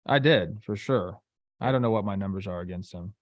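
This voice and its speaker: A man's voice: lowish voice, fairly quick, no echo. Laid-back male co-host, dry close sound. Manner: relaxed, enthusiastic, many fillers like "like". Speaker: podcast co-host, former player. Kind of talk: casual sports talk.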